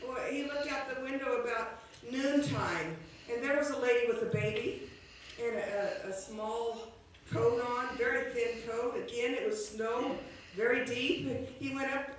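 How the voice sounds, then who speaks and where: A woman telling a classic story aloud, unhurried and homespun, sometimes restarting a phrase. Her voice carries through a very echoey room from a mic set well back. A faint ambience hums underneath. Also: fairly high pitch, far from the mic, slight background noise. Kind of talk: oral storytelling of a classic tale.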